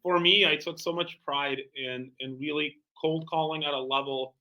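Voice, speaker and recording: A man who is a guest in an interview, a tailor and entrepreneur telling sales anecdotes in a lively way, full of "like" and "you know". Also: on the high side, moderate pace, muffled recording. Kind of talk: animated storytelling in conversation.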